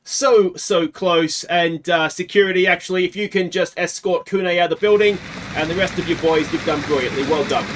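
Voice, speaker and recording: An Australian man hosting a let's play, talking casually through a game and swinging from quiet muttering to anguished shouts. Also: high-pitched, moderate pace, background noise.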